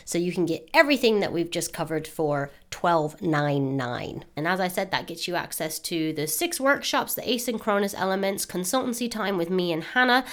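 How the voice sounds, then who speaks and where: A woman hosting a podcast, giving an upbeat, eager promotional announcement with animated emphasis. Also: on the low side. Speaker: podcast host.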